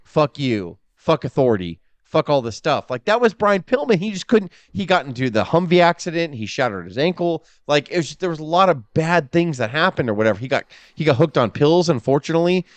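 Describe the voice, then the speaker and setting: Animated profane podcast host man. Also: on the high side, fast, few pauses, dry recording. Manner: animated and profane, acts out quotes. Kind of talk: casual podcast chat.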